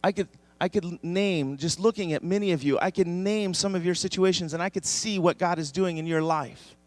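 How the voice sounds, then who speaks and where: A man's voice: high-pitched, normal speed, no echo. A man preaching a sermon as pastor, emphatic and leading the congregation in repeating a verse. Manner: emphatic, leads congregation in call-and-response. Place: church sanctuary.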